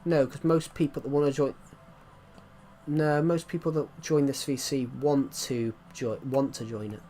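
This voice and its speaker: This English streamer, West Country accent, talks casually while gaming, rambling with plenty of restarts. His medium-pitched voice is mellow and fairly even in intonation, at a measured pace, with faint music behind.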